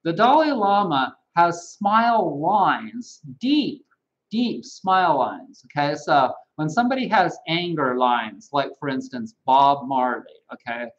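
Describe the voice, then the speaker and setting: Slow-talking animated man with lively pitch. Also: lo-fi sound. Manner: chatty, animated, laughs at own jokes. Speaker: holistic health practitioner, live stream host. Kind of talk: casual live-stream monologue.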